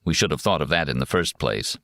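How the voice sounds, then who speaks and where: A man narrating a war memoir audiobook in a steady, measured first-person reading. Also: a bass voice, dry recording, studio quality.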